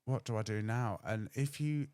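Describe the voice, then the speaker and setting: Young guy, low voice, dry close sound, candid storytelling on a podcast. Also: moderate pace, smooth, no echo. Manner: candid, animated, acts out others' voices. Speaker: podcast host. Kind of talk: personal storytelling.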